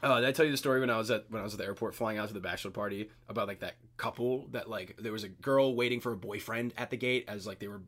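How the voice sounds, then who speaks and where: A man's voice: on the low side, rapid-fire, hardly any pauses, a bit bright. A young man in casual podcast chat, rambling through stories, swearing freely and acting out the people he quotes.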